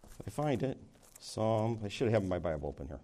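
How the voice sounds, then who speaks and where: A man leading a Bible study, teaching in a conversational way with frequent restarts, and rising in pitch to stress key words. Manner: lively, rising emphasis on key words, slows for scripture reading. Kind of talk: sermon-style Bible teaching.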